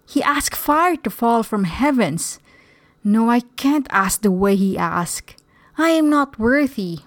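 A woman's voice: a little high, animated, slow pace, no room sound. A woman reading the part of a troubled young man who prays for a sign, in an anxious, doubting voice. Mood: pleading.

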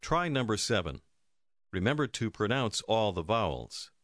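A man's voice: on the low side, very animated, moderate pace, a bit bright, no room sound, studio quality. A man narrating a recorded language course, giving instructive prompts to the learner. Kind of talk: scripted lesson narration.

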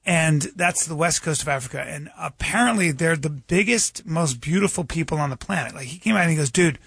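A man's voice: a little high, fairly quick, creaky, a bit bright, breathy edge, no echo. A man co-hosting a podcast in casual, jokey chat, telling stories. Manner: jokey, storytelling. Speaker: podcast co-host.

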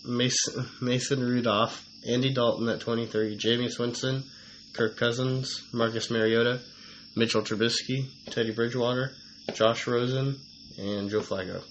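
A man co-hosting a casual sports rankings chat, reading long lists of names in a halting, methodical way. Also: mid-range voice, steady tone. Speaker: co-host. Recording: slightly dull audio, faint noise.

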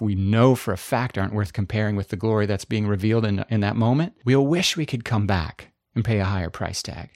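A man's voice: lowish voice, darkish tone, no room sound, clean studio sound. A man preaching a sermon with impassioned, emphatic repetition. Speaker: pastor.

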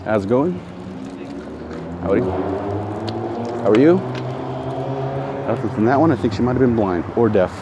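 Here the podcast host, a middle-aged man with a lowish voice, walks outdoors and talks quickly with barely a pause, rambling, self-correcting and greeting those he meets. The muffled recording picks up street noise and passing traffic.

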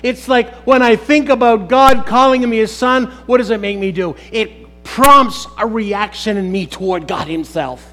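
Pastor, male, unusually high pitch; preaching to a live congregation, questioning the room, punchy emphatic peaks. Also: unhurried, few pauses, a bit bright, low-quality recording. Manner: rhetorical questions to the congregation, rising to emphatic exclamations. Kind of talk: sermon.

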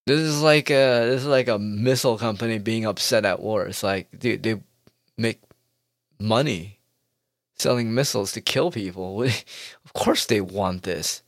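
A man's voice: on the low side, measured pace, no room sound. Guy ranting, sarcastic, cussing, laughs a lot, dry close sound. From United States. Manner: sarcastic, profane, laughing often. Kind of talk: comedic rant.

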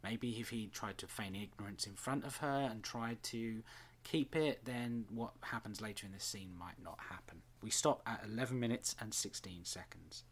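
A man talks through a TV episode scene by scene in a casual commentary. His voice sits a little low and has a husky edge. He is chatty and halting, and he often pauses on filler sounds. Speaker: episode reviewer.

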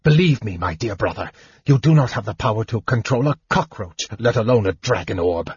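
A man's voice: on the low side, lively intonation, brisk, breathy edge, dry recording, dull audio. A man reading an audiobook voices a frail male mage who whispers and snaps with scorn. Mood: scornful.

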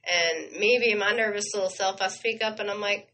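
A chatty woman co-host, her voice crisp and bright as she rushes through fan stories on air. She sounds gushing and animated, talking in casual radio chat. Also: medium pitch, slight background noise, rough recording.

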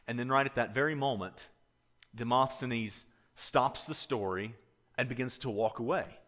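A man's voice: mid-range voice, moderate pace, a bit bright, long reverb tail. A male pastor giving a sermon, telling a story earnestly and growing emphatic, often repeating words.

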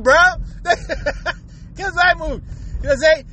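A man's voice: extremely high pitch, normal speed, sharp tone, slight background noise, low-quality recording. A young man in a crude, rambling casual rant to his viewers, full of slang and frequent chuckles. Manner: slangy street talk. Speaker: vlogger.

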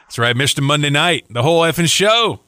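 A man hosting a casual interview, asking relaxed, chatty questions. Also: fairly high pitch, brisk, clear, resonant tone, no echo. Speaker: interview host.

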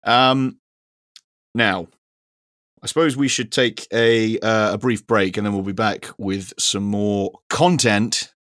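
A man's voice: lowish voice, fairly even intonation, takes it slowly, fairly bright tone, no echo, studio quality. A young man co-hosting a casual football podcast, rambling and laughing often, with casual swearing. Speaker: podcast co-host.

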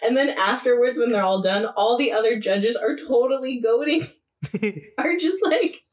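A woman's voice: fairly high pitch, recorded from a distance. Chatty laughing woman, a bit off-mic. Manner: animated storytelling, laughs often, quick asides. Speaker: podcast co-host. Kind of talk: casual chat.

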